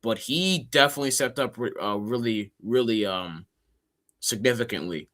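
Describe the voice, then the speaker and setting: A man's voice: medium pitch, moderate pace, a bit bright. A man from Minnesota co-hosting a casual sports podcast, easygoing and rambling with fillers. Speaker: podcast co-host.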